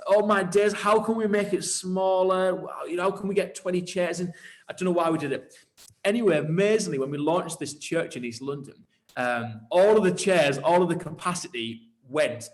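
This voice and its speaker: A man who leads churches tells his story in an interview with animated enthusiasm. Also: on the high side. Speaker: church leader and pastor.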